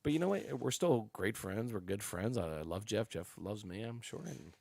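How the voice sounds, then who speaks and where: A man's voice: on the low side, normal speed, gravelly, crowd noise. A man guest on a podcast, chatting casually and telling rambling stories with plenty of swearing. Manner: excitable, rambling storyteller who swears freely. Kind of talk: casual chat.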